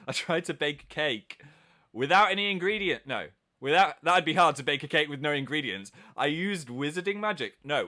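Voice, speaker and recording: A man's voice: on the high side, pushed and bright. A man hosting a casual live stream from home, chatting playfully and reading out viewers' comments. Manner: playful, self-mocking, reads out viewer comments.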